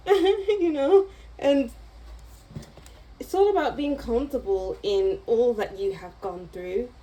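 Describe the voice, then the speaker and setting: A woman's voice: on the high side, animated, takes it slowly, warm tone, poor audio. A woman giving a casual tarot reading to camera, chatty and meandering, with small laughs as she goes. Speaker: tarot reader.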